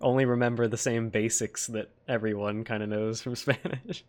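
A man's voice: medium pitch, steady tone, moderate pace. An American man hosting a podcast, chatting casually, reading out listener questions with curiosity and frequent laughs. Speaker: podcast host. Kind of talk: casual interview chat.

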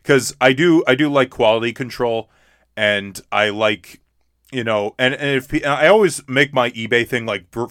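Young male podcast co-host. Halting, restart-heavy casual talk; dry, close sound. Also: mid-range voice, fairly bright tone, no echo. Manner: halting, repeats words and restarts often.

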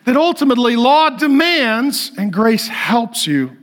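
A man with a high voice preaching a sermon. He repeats his key phrases for emphasis and swings between loud and hushed delivery. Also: very animated, measured pace. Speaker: pastor.

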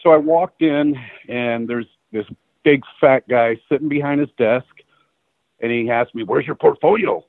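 A middle-aged male photographer tells stories from his career in a loose, animated way, full of "uh" and "you know." He voices the people in his stories. His voice is mid-pitched and comes over a dry, narrow, phone-like line. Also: a little slow, no room sound. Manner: animated storyteller acting out quoted dialogue, laughing. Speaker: guest photographer. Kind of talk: casual storytelling interview.

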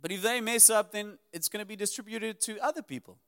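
A man's voice: high-pitched, a little fast, gravelly, a bit bright, clear, resonant tone. A man preaching a sermon to a live congregation, earnest, building emphasis through repeated lists.

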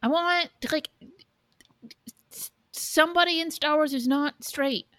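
A woman co-hosting a podcast in casual chat, candid, swearing, with halting restarts. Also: sits high, a bit bright, no room sound. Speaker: podcast co-host.

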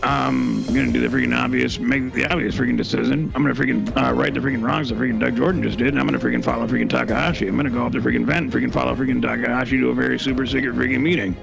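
Gravelly fast-talking man, constant swearing filler. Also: medium pitch, little pitch movement, music in the background. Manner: says "freaking" constantly, bossy and exasperated. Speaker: player in an improvised game. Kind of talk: improvised comedy role-play.

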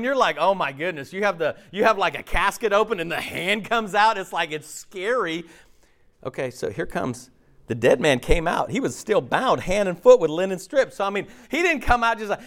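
A man preaching a sermon in a conversational, animated way, acting out the voices of the people in the story. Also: sits high, fairly quick. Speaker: pastor.

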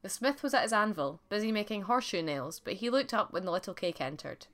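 A woman narrating a folk tale for a podcast in a clear, expressive storytelling voice. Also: medium pitch, fast talker.

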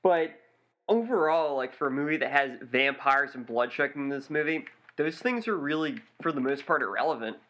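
A man's voice: mid-range voice, expressive, normal speed, fairly bright tone. A man co-hosting a movie review podcast, rambling with many fillers in casual chat. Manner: rambling, lots of likes and ums.

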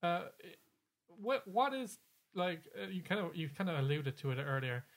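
A man's voice: sits high, very animated, moderate pace. A man co-hosting a podcast in casual chat, rambling along with plenty of fillers and restarts. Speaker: podcast co-host.

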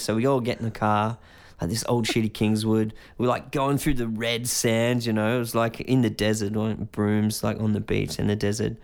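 An Australian man in his forties with a gravelly, creaky voice at a middling pitch. He rambles through a story in a loose, casual way, swearing freely and acting out other people's voices. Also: fairly even intonation, normal speed, a little mellow. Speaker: musician guest.

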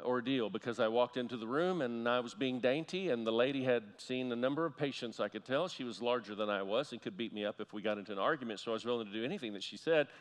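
A man preaching a sermon as pastor, telling a story and slowly repeating key phrases for emphasis. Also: medium pitch. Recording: long hall reverb.

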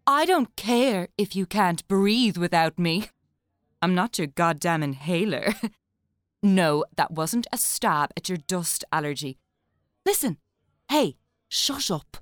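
A woman's voice: lowish voice, expressive, slow pace, dry recording, clean studio sound. A woman playing a brash, melodramatic party guest. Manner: melodramatic, haughty, swings loud and soft. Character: brash tipsy woman, theatrical and scheming. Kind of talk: stage play acting.

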